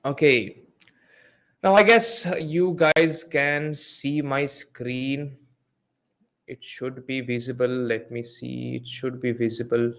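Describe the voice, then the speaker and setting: A man's voice: medium pitch, steady tone, slow pace, vocal fry. A man hosting a live online Q&A on selling ads, explaining step by step while sharing his screen and asking the audience questions. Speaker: host of a live Amazon PPC Q&A session. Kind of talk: live webinar teaching with screen share.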